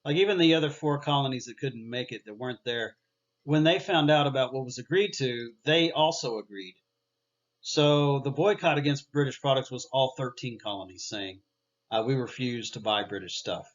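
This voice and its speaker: A man's voice: medium pitch, moderate pace. A man teaching history in a loose, conversational way, with plenty of filler sounds and restarts. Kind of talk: recorded history lecture. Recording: dull lo-fi recording.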